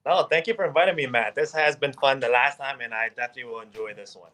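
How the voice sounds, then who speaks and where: A man who founded a marketing agency, a guest on a podcast interview, speaking in a relaxed, casual way and laughing easily. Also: mid-range voice, fast.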